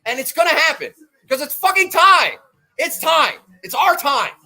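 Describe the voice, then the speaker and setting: A man hosting a golf betting show, ranting defiantly and swearing, swinging from low muttering to shouts. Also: sing-song, normal speed, low-quality recording. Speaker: golf betting podcast host. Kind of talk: fired-up monologue.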